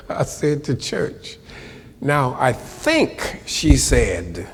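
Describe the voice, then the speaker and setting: An older man telling a story from his life to a live audience, animated and colloquial, acting out the voices of the people in it. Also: medium pitch, very slow, long reverb tail, slight background noise. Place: lecture hall before an audience.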